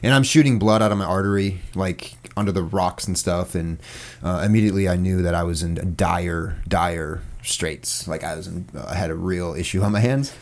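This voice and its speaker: Podcast host, upper midwest accent, very low voice, loose rambling delivery. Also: male voice, normal speed. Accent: upper Midwestern American. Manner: rambling, lots of filler words. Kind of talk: casual podcast chat.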